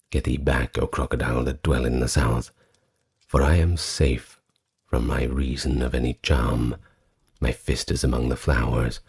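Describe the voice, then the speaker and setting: A man reading ancient sacred texts aloud in a slow, soft-spoken ASMR style, with a solemn and measured recitation. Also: rumbling low, breathy edge.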